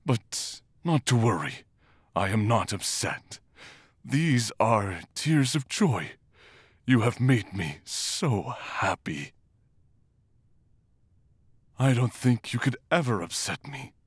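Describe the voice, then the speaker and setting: A man voicing a gentle, tearful demon-hunting monk in a romantic character audio role-play, talking in a shy, halting, emotional way. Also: mid-range voice, animated, no room sound, clean studio sound. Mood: tender. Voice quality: soft, husky, slow and tender.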